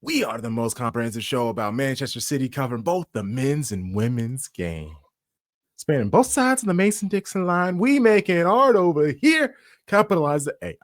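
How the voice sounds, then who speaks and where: A man hosting a casual sports podcast, opening the show with playful, hype-style patter before settling into relaxed chat. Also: mid-range voice, no echo, studio quality. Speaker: podcast host.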